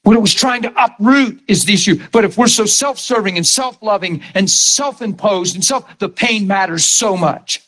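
A man preaching a sermon, telling his own story, dropping to a hush and then raising his voice to drive a point home. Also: sits high, moderate pace, few pauses. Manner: testimony swinging from hushed to raised voice.

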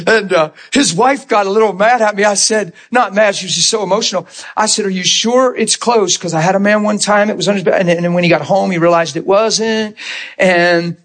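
A man preaching a sermon in a church, telling healing stories in an animated way and often crying out in excitement. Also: sits high, brisk. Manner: animated, shouts and cries out in excitement. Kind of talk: sermon with testimony storytelling.

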